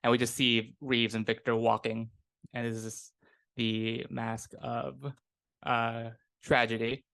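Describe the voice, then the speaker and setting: A male game master narrates a tabletop game in a relaxed, rambling way. He talks slowly. His voice sits at a middle pitch. The recording is dry and close. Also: gravelly, dry recording. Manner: relaxed and rambling, with many fillers.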